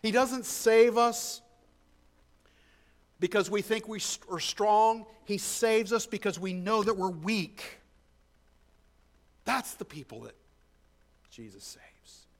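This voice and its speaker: A man preaching a sermon as pastor, moving between loud emphasis and hushed tones and repeating key phrases. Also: high-pitched, takes it slowly, long pauses.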